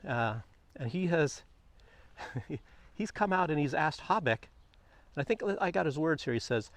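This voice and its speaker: A man vlogging outdoors on a quiet morning walk, chatting loosely about the news, meandering and often chuckling. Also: on the high side, expressive, a little slow, long pauses, dry recording. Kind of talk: rambling commentary on the news.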